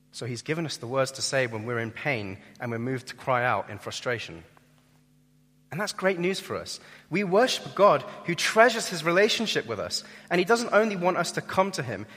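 Earnest young preacher in a reverberant hall. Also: male voice, medium pitch. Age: young adult. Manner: earnest, emphatic, rises and drops in loudness. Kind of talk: sermon.

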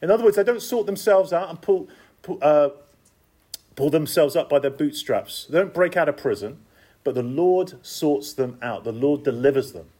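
A man delivers a sermon with an animated, swooping voice that sits a little high for a man. He drives his points home through repetition and chatty asides to the congregation. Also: moderate pace. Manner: lively, emphatic, repetitive cadence with conversational asides. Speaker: preacher.

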